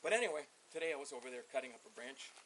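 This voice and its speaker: A man's voice: medium pitch, animated, rapid-fire, fairly bright tone, poor audio. An older man telling a long, meandering story to a deputy outdoors, swearing freely as he goes. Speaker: resident being questioned. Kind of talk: rambling account to a deputy. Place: outdoors in a yard. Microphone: officer's body camera. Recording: hissy body camera audio.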